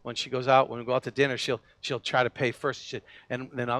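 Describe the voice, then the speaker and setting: Bright-voiced man preaching a lively sermon. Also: medium pitch, quick pace, few pauses, no echo. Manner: animated storytelling, acts out quoted voices, frequent restarts. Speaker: pastor.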